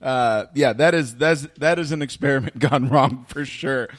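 A man's voice: medium pitch, moderate pace. A man co-hosting a casual food taste-test, reacting with groaning, exaggerated disgust.

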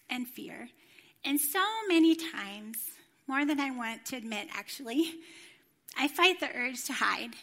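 A bright, high-pitched woman speaks from a church stage. She gives a sermon, tells a personal story with animated delivery and acts out the voices she quotes. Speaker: former children's ministry director, church speaker.

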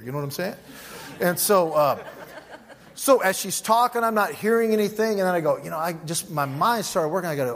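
A man's voice: a little high, animated, fast talker. A middle-aged man, a pastor, teaching a sermon and telling a story by acting out both sides of the dialogue.

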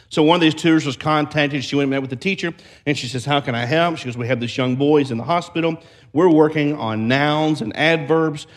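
A man's voice: mid-range voice, vocal fry. A man preaching a sermon as pastor, building emphasis through repeated phrases and storytelling. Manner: preaching with rising emphatic repetition.

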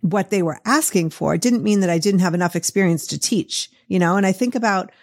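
A woman's voice: on the low side, a little fast. A middle-aged woman with a Boston accent hosting a podcast, chatting in a casual, encouraging way and laughing easily. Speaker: podcast host. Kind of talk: casual interview chat.

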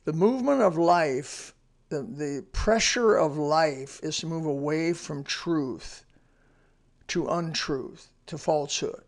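A man's voice: fairly high pitch, takes it slowly. A man giving a short devotional sermon in a plainspoken, earnest way, with folksy asides. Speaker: radio devotional speaker.

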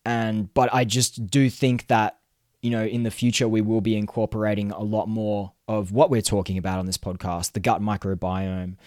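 Earnest low-voiced male podcast host. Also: level tone, normal speed, a little mellow, no room sound, clean studio sound. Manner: earnest, chatty, many fillers and restarts. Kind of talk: solo podcast monologue.

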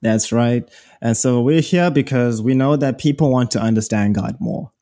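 A man's voice: medium pitch, moderate pace, dark tone, dry recording, studio quality. A young man with a Zimbabwean accent, co-hosting a faith podcast in an earnest, casual way with many fillers and restarts. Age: young adult. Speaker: podcast co-host.

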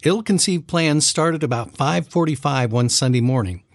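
A man's voice: on the high side, normal speed, dry recording, studio quality. A man co-hosting a casual true-crime podcast, telling stories with frequent chuckles. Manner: chuckling, playful, reads stories with laughs. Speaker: podcast co-host.

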